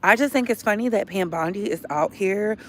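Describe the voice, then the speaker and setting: A woman's voice: mid-range voice, a little fast, slight background noise. Brief: woman, vlog host, fired-up casual commentary, repeats lines for punch. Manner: animated, indignant, slangy, with emphatic repetition. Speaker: political commentary vlogger.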